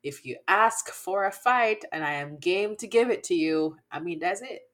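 Animated, blunt woman podcast co-host. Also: fairly low pitch, normal speed. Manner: blunt, laughs often, acts out quoted lines. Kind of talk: casual chat.

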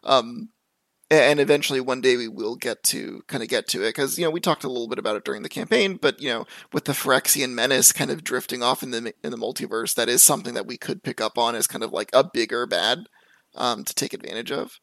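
Gravelly guy hosting a chill podcast chat, lots of ums, dry sound. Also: medium pitch, fast, a bit bright, no room sound. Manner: musing, hesitant with fillers. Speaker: podcast host and editor. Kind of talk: casual chat.

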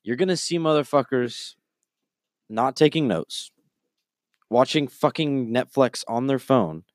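A man's voice: medium pitch, measured pace, no echo, studio quality. A young man co-hosting a podcast, lecturing his friends with emphatic, profane advice in casual chat. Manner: preachy, emphatic, lecturing with "okay?". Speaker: podcast co-host.

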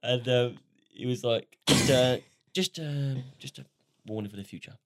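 A man's voice: mid-range voice, normal speed, no room sound, studio quality. A young British man co-hosting a casual podcast, telling an awkward story and laughing as he acts out the quotes. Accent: British English. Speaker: podcast co-host.

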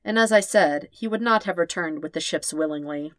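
Lady doing a tired old man, quiet and formal, lowish voice, dry close sound, audiobook reading. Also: brisk, dry recording, natural voice. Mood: grave. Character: gentle weary old man, soft-spoken and formal.

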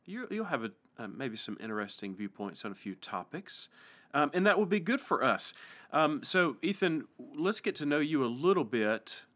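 A man with an East Tennessee accent, a pastor hosting a casual podcast interview, friendly and halting with frequent restarts. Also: a little high, very animated, a bit bright.

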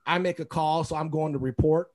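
A man's voice: fairly high pitch, steady tone, fairly quick, darkish tone. A man, a basketball referee, telling a story in casual chat, acting out quotes and laughing often.

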